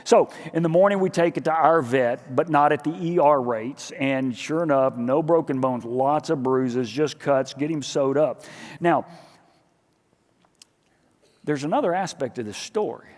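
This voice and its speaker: A man preaching a sermon as pastor, telling a story with lively acted-out dialogue. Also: on the high side, measured pace. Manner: animated storytelling, acting out dialogue in his own voice. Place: church sanctuary. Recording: church hall with long reverb.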